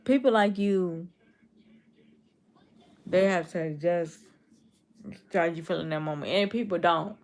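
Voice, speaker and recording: A woman in her twenties with a Chicago accent, chatting casually on a livestream and answering her viewers' comments. Her voice is naturally low and gravelly, the kind viewers take for a cold. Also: slow, pauses often. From Chicago, USA. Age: 20s. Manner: talks straight to her chat, reading and answering comments.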